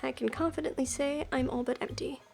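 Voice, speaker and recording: A woman's voice: high-pitched, steady tone, fairly quick, vocal fry, soft background music. Woman playing a kind, encouraging tavern keeper. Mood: reassuring. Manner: warm, encouraging. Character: calm, kind tavern keeper reassuring customers.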